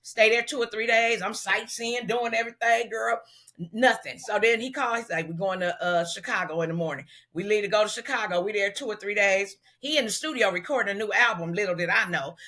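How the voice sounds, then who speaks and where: Animated storytelling woman, bright voice. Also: medium pitch, brisk. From South Central Los Angeles, US. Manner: animated, acts out dialogue, slangy. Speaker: celebrity hairstylist, guest. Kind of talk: casual storytelling in an interview.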